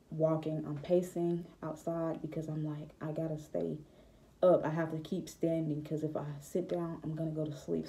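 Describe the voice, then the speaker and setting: Low, flat, very dark-voiced young woman. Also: a little hiss or hum. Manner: hesitant, reflective, many fillers. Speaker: vlogger. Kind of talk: personal testimony to camera.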